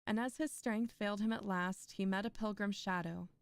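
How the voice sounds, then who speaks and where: Smooth-voiced young woman reading poetry. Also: mid-range voice, steady tone, moderate pace, dry recording, clean studio sound. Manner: chatty, laughs often between poems. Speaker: streamer reading poetry aloud. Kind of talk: poetry reading with casual chat asides.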